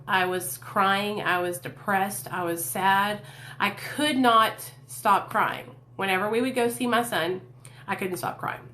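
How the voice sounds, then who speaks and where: Woman vlogger, candid and earnest, casual chat with viewers, mid pitch. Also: sharp tone. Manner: candid, earnest, many fillers and restarts. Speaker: vlogger answering viewer questions.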